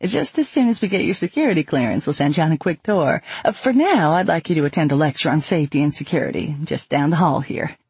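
A man voicing a cheerful, chatty woman clerk who welcomes newcomers with brisk politeness. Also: fairly high pitch, lively intonation, darkish tone, husky, dry recording, full character voice. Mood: cheery.

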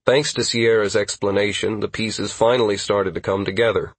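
Husky-voiced man narrating an audiobook. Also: fairly low pitch, steady tone, normal speed, no echo. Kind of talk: first-person fantasy audiobook narration.

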